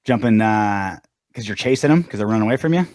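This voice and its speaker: A man's voice: fairly low pitch, fast talker, dry recording. A man hosting a sports podcast, chatting casually, riffing and joking with his co-host. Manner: animated, riffing and quoting shows with playful voices. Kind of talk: casual chat.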